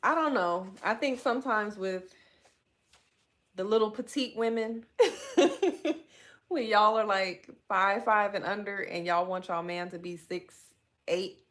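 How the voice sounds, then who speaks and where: A woman's voice: mid-range voice, takes it slowly, a bit bright. A woman, talking candidly and with animation, calling her listeners y'all. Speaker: podcast host. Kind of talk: solo podcast talk reading live chat.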